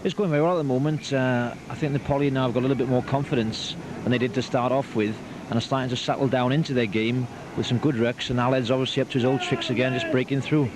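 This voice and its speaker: A rugby coach gives a brisk, confident touchline interview. He speaks at a mid pitch and keeps things upbeat. The amateur recording is full of outdoor and traffic noise. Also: fairly even intonation. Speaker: team coach.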